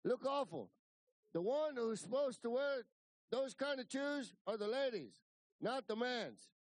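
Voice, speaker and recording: A man's voice: extremely high pitch, lively intonation, unhurried, dry recording, pitched above the performer's own voice. A man putting on a blunt old ranch hand. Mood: scolding. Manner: broken English, blunt and scolding. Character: blunt older male ranch hand, plain-spoken.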